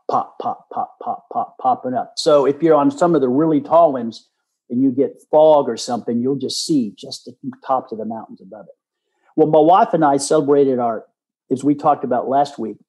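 An older man from Texas speaks as a guest in earnest, folksy storytelling. His voice is mellow and dark. He sits at a middling pitch. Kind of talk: casual storytelling.

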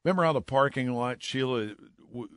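A middle-aged man, a veteran broadcaster, telling an animated anecdote and acting out the voices of the people in it. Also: medium pitch, brisk, clean tone, dry recording, studio quality. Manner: lively anecdote-teller who acts out voices. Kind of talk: animated storytelling.

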